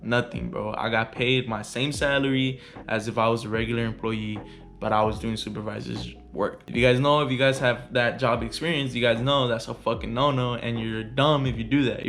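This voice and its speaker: A man's voice: mid-range voice, a bit bright. A young man vlogging a heated, profane storytime rant in casual slang.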